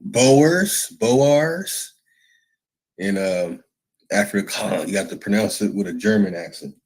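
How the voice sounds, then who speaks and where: Low-voiced man hosting a livestream. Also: steady tone, normal speed, poor audio. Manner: loose, reactive, conversational. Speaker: livestream host. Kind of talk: casual livestream talk.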